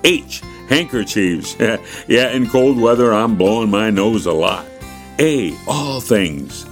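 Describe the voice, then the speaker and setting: A man's voice: on the low side, expressive, slow, faint music behind. A man reading a devotional children's story in a folksy, earnest way and chatting about things he is thankful for.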